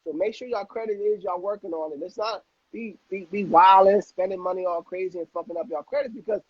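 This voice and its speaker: A man hosting a casual chat, talking in an animated, rambling way with repeated words and street slang. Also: high voice, brisk, breathy edge, no room sound, muffled recording.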